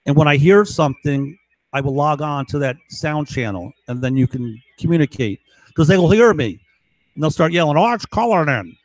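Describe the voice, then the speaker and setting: A man's voice: a little high, normal speed, no room sound, rough recording. A man talking urgently and emphatically in a rambling monologue to camera, repeating his points. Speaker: vlogger.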